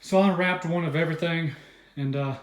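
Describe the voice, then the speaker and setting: A man in his twenties from the American South, excitedly unboxing car parts in a rambling vlog, a bit out of breath. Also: fairly high pitch, a little fast, echoey room. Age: 20s. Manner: excited, rambling, many fillers. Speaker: car vlogger.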